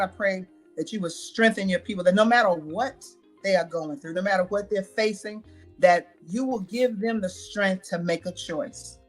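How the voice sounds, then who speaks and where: A woman guest on a live-stream talk show, speaking earnestly and leading a prayer like a minister. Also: fairly low pitch. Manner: earnest, preacherly.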